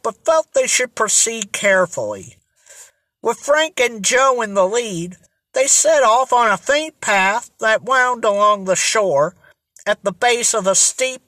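An audiobook narrator reading a children's mystery at a slow, even pace. The voice is bright and close to the mic, in a dry, dead room. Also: medium pitch, no echo. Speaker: audiobook reader.

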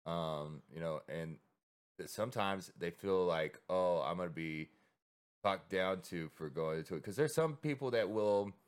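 A man's voice: sits low, unhurried, clean tone. A man co-hosting a podcast, talking in a loose, rambling way with lots of swearing and acted-out quotes. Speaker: podcast co-host. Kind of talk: casual chat.

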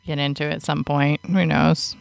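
A woman's voice: low-pitched, level tone, normal speed, vocal fry, no room sound. A woman co-hosting a podcast in casual chat, talking bluntly with frequent swearing and laughter. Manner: blunt and profane, laughs often. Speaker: podcast co-host.

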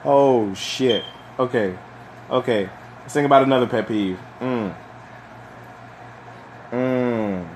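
A young man hosting a casual solo chat, rambling and swearing, with lots of fillers and animated bursts when he rants. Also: mid-range voice, takes it slowly, pauses often, slight background noise. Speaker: podcast host.

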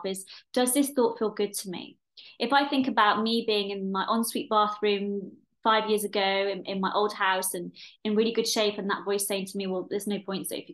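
A woman in her forties hosting a solo podcast, talking frankly and animatedly, swearing freely and often restarting her sentences. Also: mid-range voice. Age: 40s. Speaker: podcast host and coach. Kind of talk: casual solo podcast talk.

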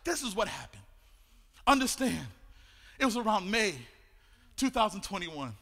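High-voiced preacher in a ringing hall. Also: male voice, sing-song, normal speed, long pauses. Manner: swings from hushed storytelling to shouted, sing-song preaching. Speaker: pastor. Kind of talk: sermon. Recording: long reverb of a large hall.

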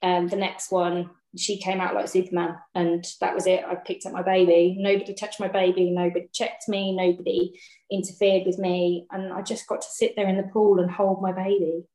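A woman's voice: lowish voice, normal speed. A woman telling her birth story in casual chat, laughing often and acting out what people said. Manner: lively, laughs often, acts out dialogue. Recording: roomy echo.

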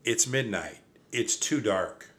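A man's voice: fairly low pitch, animated, slow, a bit bright. An older man reading aloud and voicing a cautious, reluctant young boy who grumbles sensibly.

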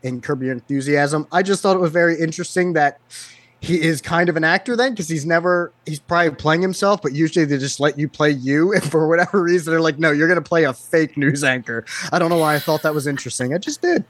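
A man's voice: on the high side, fast, no echo. Chatty podcast co-host, a man. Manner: chatty, laughing, with trivia asides. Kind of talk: casual chat.

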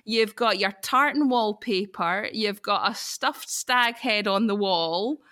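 A Scottish woman co-hosting a casual chat, telling stories in a chatty way with lively quoted asides. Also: medium pitch, takes it slowly. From Scotland. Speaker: podcast co-host.

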